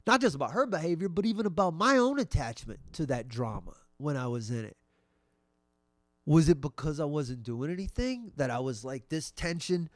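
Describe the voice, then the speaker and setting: A man's voice: a little high, expressive, moderate pace, dry recording. Wry middle-aged man, dry close sound. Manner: wry, conversational, trailing off and restarting. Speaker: comedian and podcast host. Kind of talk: solo comedic monologue.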